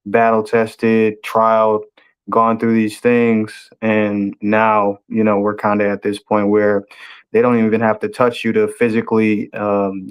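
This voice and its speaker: A man from the United States in casual podcast chat, speaking in a hesitant, measured way full of fillers. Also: lowish voice. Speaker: podcast co-host.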